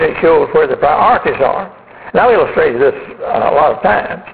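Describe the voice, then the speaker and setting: Man preaching over a tinny line. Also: a little high. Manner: measured, unhurried preaching with frequent fillers. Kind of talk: sermon. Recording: phone-like audio in a long-reverb hall.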